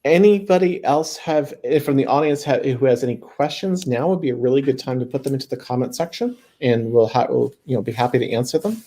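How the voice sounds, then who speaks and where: A man's voice: medium pitch, brisk, few pauses, dark tone. A man moderating an online panel, friendly and joking, with a few fillers as he calls for questions. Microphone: video call.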